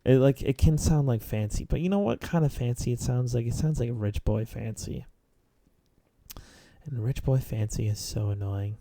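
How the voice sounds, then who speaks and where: A man's voice: mid-range voice, normal speed, gravelly, dark tone, no echo. A man rambling philosophically in casual chat while playing a video game, full of "like" fillers. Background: faint game music.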